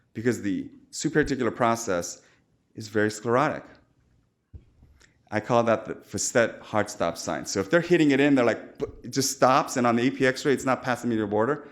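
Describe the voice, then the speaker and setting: A man lecturing as a surgeon at a medical conference, informal and chatty, with jokes and quoted asides. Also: medium pitch. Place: lecture hall.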